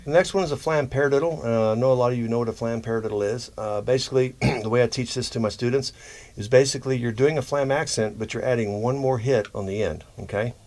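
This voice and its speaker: A man teaching drum rudiments in a relaxed, explanatory way, often checking in with "okay?". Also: medium pitch, fast talker. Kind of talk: instructional demonstration.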